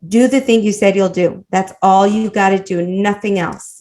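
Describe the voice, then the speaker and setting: A woman coach teaching a live online class over a video call, animated and warm, laughing often as she encourages her students. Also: mid-range voice, moderate pace. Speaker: women's life coach and teacher.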